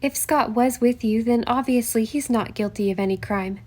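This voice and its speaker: A woman's voice: fairly high pitch, normal speed, mellow, lightly acted. A woman reading an audiobook and voicing a young woman detective who asks polite but persistent questions. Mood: conciliatory. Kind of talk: audiobook character voice.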